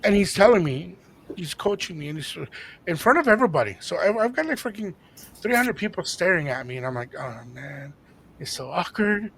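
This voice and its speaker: Man, gravelly voice, slightly high pitch, podcast co-host, casual storytelling, animated. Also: a little fast. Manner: animated, acts out quoted dialogue.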